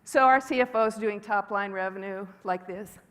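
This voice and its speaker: A woman speaks from a conference stage in a candid, joking, conversational way, giving a keynote at a middle pitch. Her voice carries a long reverb tail from the big hall around her. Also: moderate pace, fairly bright tone.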